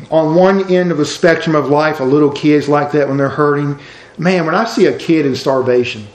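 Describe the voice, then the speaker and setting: Male preacher, earnest sermon delivery with soft low passages, slightly high voice, echoey room. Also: a little hiss or hum. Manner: earnest, rises for emphasis then drops low and soft. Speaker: pastor.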